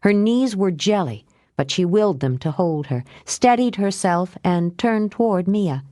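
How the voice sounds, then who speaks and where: A woman reading an audiobook aloud, lifting her pitch for dialogue and dropping low for the narration. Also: lively intonation, unhurried, mellow, dry recording, clean studio sound. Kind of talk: audiobook narration with character voices.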